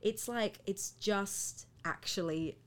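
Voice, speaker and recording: A woman's voice: mid-range voice, slow. A woman chatting casually about movies on a podcast, gushing and talking with many fillers.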